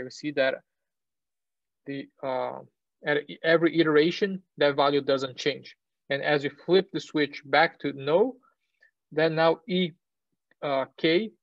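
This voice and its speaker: A man's voice: fairly high pitch, fairly bright tone, no room sound. Man lecturing, dry and slightly muffled. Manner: explanatory, pauses with fillers and self-corrections, asks "right?". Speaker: university lecturer. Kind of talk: technical lecture. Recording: dull, lo-fi lecture recording.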